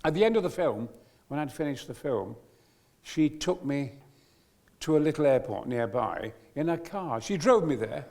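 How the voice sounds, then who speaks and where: An older man, a guest actor, telling a long anecdote on stage at a live event with exuberant, theatrical flair and sudden booming outbursts. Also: animated, normal speed, darkish tone.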